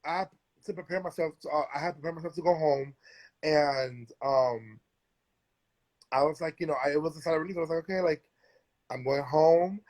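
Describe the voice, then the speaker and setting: A man's voice: a little high, fairly quick. Chatty young man telling a story. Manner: chatty storytelling, slangy and animated. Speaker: drag performer hosting a live stream. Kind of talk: casual live-stream chat.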